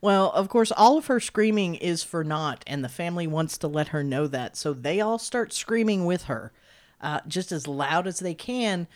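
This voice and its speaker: A woman's voice: lowish voice, normal speed. A woman co-hosting a podcast, casually recapping a horror film with lots of swearing and laughter. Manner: lively, swearing, laughing often. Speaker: podcast co-host.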